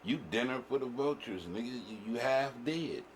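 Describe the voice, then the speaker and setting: A man's voice: mid-range voice, expressive, normal speed, a little hiss or hum. A man giving blunt, profane commentary in heavy slang. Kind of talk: heated street-talk commentary.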